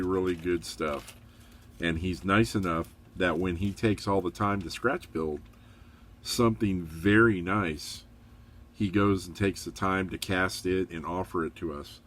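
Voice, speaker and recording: Deep-voiced middle-aged man, chatty hobby review. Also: measured pace. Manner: relaxed, chatty, rambling with fillers; upbeat, encouraging. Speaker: model kit reviewer.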